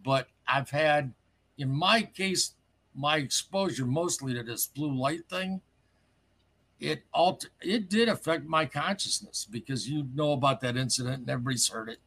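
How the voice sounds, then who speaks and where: Gravelly, excitable man rambling through a story. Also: fairly high pitch, normal speed. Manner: rambling, excitable, lots of asides. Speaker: caller telling his story. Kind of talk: casual storytelling.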